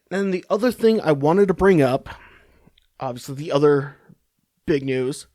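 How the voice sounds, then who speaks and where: A man's voice: mid-range voice, a little mellow, no room sound, clean studio sound. A man hosting a podcast, giving casual political commentary in a rambling, sarcastic, profane way. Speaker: podcast host.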